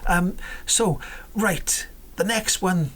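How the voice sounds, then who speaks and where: A woman with a low, husky voice chats away about cars in a loose vlog. She rambles and corrects herself as she goes, sometimes dropping to a whisper for an aside. Her tone stays casual and conversational throughout. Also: very slow, a bit bright. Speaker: car vlogger.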